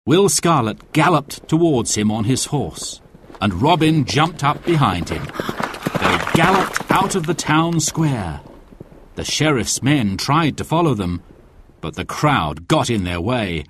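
A man reading a storybook aloud as narrator, with expressive, clear and careful delivery. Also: mid-range voice, a little slow, heavy background noise.

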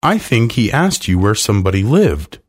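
A man voicing a curious, excited young boy. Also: on the low side, normal speed, slightly rough. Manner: excited, inquisitive.

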